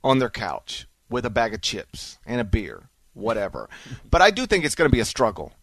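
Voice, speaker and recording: A man hosting a sports talk radio show, animated and teasing, running through the rundown and arguing playfully. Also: mid-range voice, moderate pace, slightly rough, dry recording. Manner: animated, teasing, mock-outraged.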